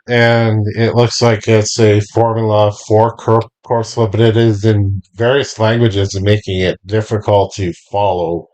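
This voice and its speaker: Slow, low-voiced man narrating a game. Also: darkish tone. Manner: slow, deliberate scene description. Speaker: game master.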